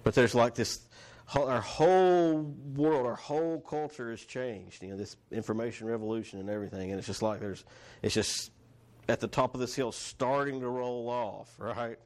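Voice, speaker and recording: A man's voice: mid-range voice, normal speed, darkish tone. A man preaching a sermon in a conversational way. He restarts his phrases and asks his listeners questions. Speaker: pastor.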